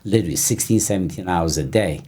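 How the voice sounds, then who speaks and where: A man with a very deep voice tells his story as a guest in a casual interview. He talks haltingly, restarting and repeating words as he goes. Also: mellow, husky. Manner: halting, repeats words, breaks off mid-sentence. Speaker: interview guest, personal trainer.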